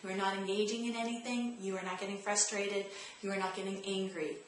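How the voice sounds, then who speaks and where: A woman's voice: medium pitch, level tone, quick pace, a little hiss or hum. A woman hosting a parenting tips vlog, talking straight to the viewer in a direct, coaching way and repeating her key points. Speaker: parenting advice host. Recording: very echoey room, faint ambience.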